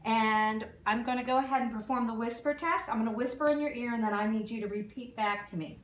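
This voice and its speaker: A woman in a fairly high voice gives steady, step-by-step instructions during a clinical exam. She is heard from across an echoing room, with faint room noise behind her. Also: fast. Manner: calm step-by-step instructions with fillers. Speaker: nursing student doing an exam demo. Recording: echoey room from far off.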